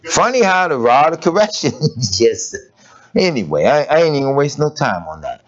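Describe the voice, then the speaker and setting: A man preaching a sermon in a lively, conversational way, asking rhetorical questions and laughing as he goes. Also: medium pitch, moderate pace. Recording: dull lo-fi recording.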